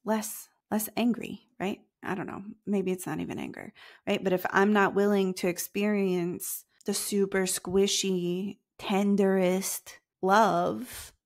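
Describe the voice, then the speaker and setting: A woman's voice: medium pitch, fairly even intonation, slow pace. A woman hosting a solo podcast as a money coach, talking casually and conversationally and repeating phrases for emphasis. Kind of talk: solo podcast teaching talk.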